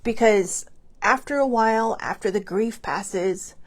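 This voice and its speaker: A woman hosting her own show, talking casually and emotionally about losing a pet, halting and restarting often. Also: on the high side. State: tearful, grieving. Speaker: host. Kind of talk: casual personal talk.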